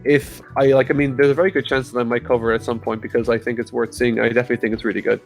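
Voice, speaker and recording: A man talking at a rapid clip as a podcast guest. His voice sits at an ordinary middle pitch, and he tumbles over his words, restarting his thoughts. Faint music plays underneath. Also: flat delivery. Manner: rapid, eager, self-correcting talk. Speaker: podcast guest, anime reviewer. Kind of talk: casual chat on a call.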